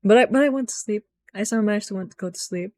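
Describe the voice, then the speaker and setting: A young woman recapping a video game in a rambling, excitable rant, swearing often and jumping up in pitch when frustrated. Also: rapid-fire. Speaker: gaming vlogger.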